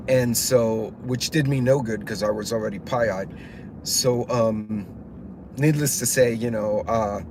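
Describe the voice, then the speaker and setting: A man hosting a livestream, telling rambling stories in casual, profane chat and reading the chat aloud. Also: medium pitch. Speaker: channel host. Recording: noticeable background noise.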